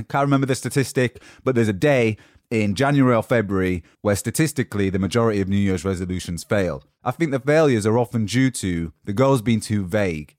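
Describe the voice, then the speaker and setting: Recorded with studio quality and no echo, this young man from Britain has a medium-pitched voice. He hosts a motivational podcast alone at home, talking in a loose, chatty way.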